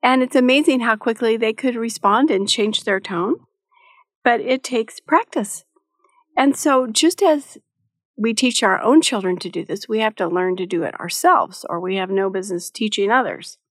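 A woman's voice: fairly high pitch, moderate pace, dry recording, studio quality. A middle-aged woman giving a devotional teaching talk in a motherly, practical way, with light touches of humor. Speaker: Christian devotional speaker.

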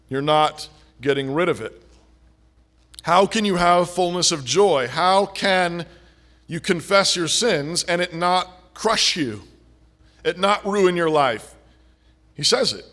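Earnest preacher guy, slightly high voice, repeats himself, goes loud then hushed. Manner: earnest, repetitive phrasing, swings from forceful to hushed. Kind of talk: sermon.

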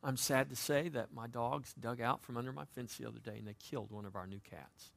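A man preaching a sermon as pastor, with dynamic delivery that moves between loud emphasis and quiet, conversational asides. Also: medium pitch, steady tone, a little fast, vocal fry. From United States.

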